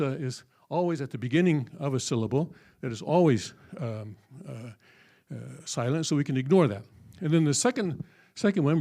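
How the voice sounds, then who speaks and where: A man with a fairly high voice for his sex teaches a class in a church hall. He explains patiently, step by step, with plenty of "uh"s. He keeps asking his listeners whether they follow. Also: darkish tone. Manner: patient, explains step by step with many fillers and check-in questions. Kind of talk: classroom lecture.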